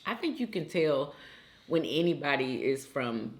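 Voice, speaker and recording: A woman hosting a casual couples chat, expressive and teasing. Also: low voice, a little slow. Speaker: host.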